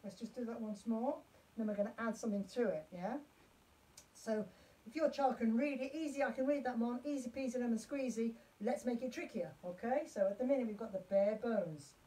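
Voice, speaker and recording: A woman's voice: a little high, brisk, dark tone. A woman music teacher leading a live-streamed lesson for parents in a chatty, encouraging way, chanting rhythm syllables. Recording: voice from far off the mic.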